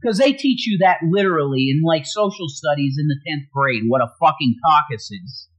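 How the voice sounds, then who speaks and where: Profane ranting man, wildly swinging pitch. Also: lively intonation, normal speed, slightly rough, highs cut off. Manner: angry profane ranting, swings loud and quiet. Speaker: livestream host. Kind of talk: ranting livestream talk.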